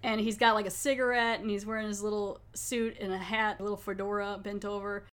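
A woman's voice: mid-range voice, level tone, fairly quick, fairly bright tone. A woman hosting a podcast, talking in a chatty, rambling way and laughing often. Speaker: podcast host. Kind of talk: casual chat.

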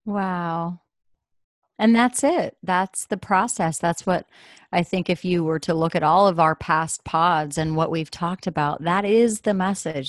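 A woman co-hosting a podcast in a casual faith talk, speaking in a gentle, encouraging and chatty way. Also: on the low side, no echo, clean studio sound. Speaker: podcast co-host.

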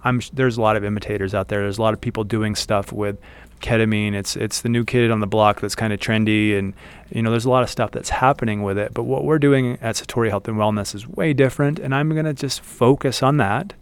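A man's voice: fairly low pitch, clean tone. A man hosting a podcast, giving casual motivational advice in an earnest way and repeating phrases for emphasis. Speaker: podcast host. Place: outdoors in the desert.

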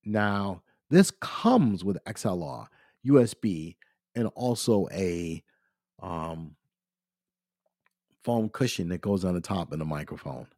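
Congested man with a low, dry voice. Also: lively intonation, slow pace, pauses often, no echo. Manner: addresses listeners as "ladies and gentlemen". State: congested, clearing throat. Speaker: podcast host. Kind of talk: casual gear talk.

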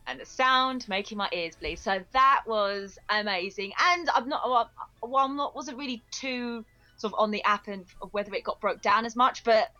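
Giggly woman on a podcast, bright higher voice, music faint underneath. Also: moderate pace, lo-fi sound. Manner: giggly, chatty. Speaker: podcast co-host. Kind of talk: casual chat.

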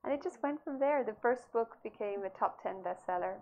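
A woman's voice: a little high, expressive, fairly quick. A woman author as an interview guest, telling her story animatedly and laughing often. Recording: slightly dull audio with faint noise.

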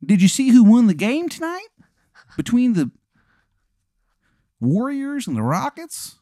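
A man voicing a seedy oddball who knows every answer, drawling in a high, wheedling voice with a deliberately bad fake Maryland accent. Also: wildly swooping pitch, mellow, no echo, studio quality, exaggerated voice.

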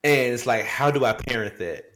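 Animated laughing man telling stories. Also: mid-range voice, moderate pace. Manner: animated storyteller, acts out his kids and himself with laughs. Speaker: podcast co-host. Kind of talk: casual chat.

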